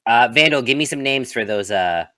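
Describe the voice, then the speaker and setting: A co-host of a tabletop game talk, pitching names and jokes in a playful, casual chat. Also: animated, fairly quick, pushed and bright.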